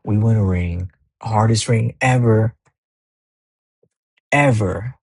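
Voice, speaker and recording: Gravelly young man telling stories. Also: deep voice, moderate pace. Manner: casual, profane, animated storytelling with laughs. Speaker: podcast host. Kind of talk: casual monologue.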